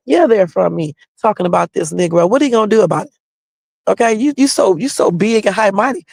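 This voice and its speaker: On her home livestream rig, with no echo, a woman addresses her viewers directly in a gravelly, darkish, mid-range voice. Her tone is blunt and confrontational as she airs her views.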